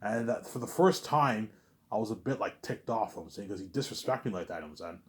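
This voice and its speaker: A man's voice: fairly low pitch, expressive, fast. Stammering young man rambling to camera. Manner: repetitive, stammering, ends lines with a trailing mumbled "obviously". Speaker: vlogger.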